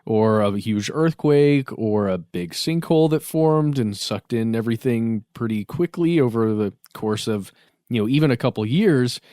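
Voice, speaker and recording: A man's voice: medium pitch, no room sound, clean studio sound. A man co-hosting a podcast, talking through ideas in an easy, conversational way. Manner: relaxed, thinking aloud. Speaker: podcast co-host. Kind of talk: casual conversational chat.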